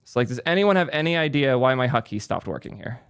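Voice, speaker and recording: A man's voice: mid-range voice, expressive, quick pace, a bit bright, smooth, no echo. Man, frustrated tech streamer ranting at chat, clean close-miked voice. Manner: annoyed, swearing, ranting at chat. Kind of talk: frustrated live commentary.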